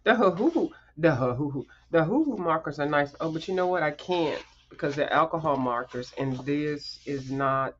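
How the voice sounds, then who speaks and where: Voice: mid-range voice, moderate pace, hardly any pauses, muffled recording. A coloring livestream host in a casual show-and-tell chat, rambling and chatty, with emphatic asides to viewers.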